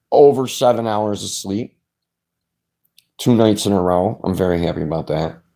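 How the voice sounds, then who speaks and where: Gravelly, slow-talking casual man. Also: on the low side, warm tone. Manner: rambling, laid-back, with frequent restarts. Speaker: channel host. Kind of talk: casual chat.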